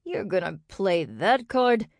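A woman voicing an irritable, gruff male bear shifter who snarls his lines in exasperation. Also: high-pitched, normal speed, no room sound, clean studio sound. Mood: snarling.

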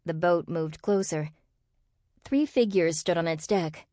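A woman reads a novel aloud in a measured storytelling voice that sits on the low side. She is recorded on a close studio mic with no room sound at all. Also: dark tone, no echo. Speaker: audiobook narrator. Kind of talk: scripted narration.

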